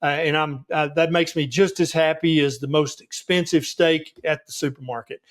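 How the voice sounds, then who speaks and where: A man with a Southern US accent and a somewhat high voice, answering interview questions as a doctor. He talks frankly and emphatically, with a reassuring push behind his points. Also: steady tone, normal speed. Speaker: doctor guest.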